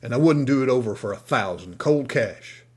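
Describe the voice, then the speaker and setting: A man reading an audiobook, voicing a gruff, grumbling male dog kidnapper. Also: mid-range voice, expressive, moderate pace, darkish tone. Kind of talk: audiobook character voice.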